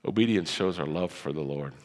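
A low-pitched pastor preaches fairly quickly in a big church hall. He's lively and conversational, giving voices to the characters of the Bible story as he goes.

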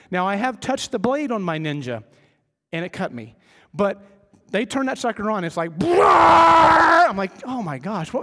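Middle-aged man, pastor, sermon, high voice, conversational, long hall echo. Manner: conversational preaching with humorous family stories; drops his voice low for emphasis. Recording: long reverb of a large hall.

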